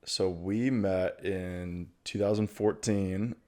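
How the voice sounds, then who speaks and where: A man in his twenties, a guest on a casual podcast, joking in a dry, deadpan way with hesitant fillers. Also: low voice, slow pace. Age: 20s.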